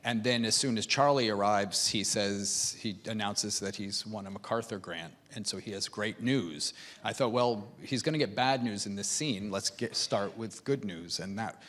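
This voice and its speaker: A filmmaker talking on a conference panel, a man who speaks haltingly, with many false starts and repeated words. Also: fairly low pitch, fairly bright tone. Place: conference stage.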